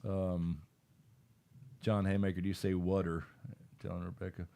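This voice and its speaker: A man's voice: low voice, little pitch movement, moderate pace, gravelly, dark tone. A man co-hosting a live stream, reading chat in casual talk, laid-back, swearing and laughing often.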